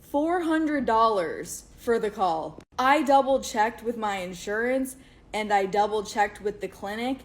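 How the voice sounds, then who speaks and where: A woman's voice: mid-range voice, expressive. Exasperated woman telling a story. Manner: exasperated, candid, quick. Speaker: vlogger. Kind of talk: casual storytime vlog.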